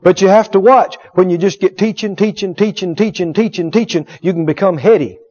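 A man's voice: high-pitched, fairly quick, darkish tone, breathy edge. A man preaching a sermon, emphatic and repetitive, acting out quotes with humor. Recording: dull lo-fi sermon recording.

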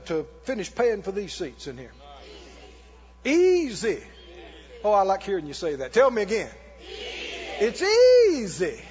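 Very high-voiced preacher man. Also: long reverb tail, muffled recording. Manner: animated preaching with mock laughs and shouts. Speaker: pastor. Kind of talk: sermon. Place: church.

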